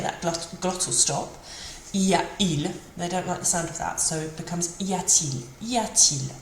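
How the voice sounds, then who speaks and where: A woman teaching a beginner language lesson, patiently repeating phrases slowly for learners. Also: on the low side, a little hiss or hum. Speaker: French teacher. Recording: roomy with faint ambience.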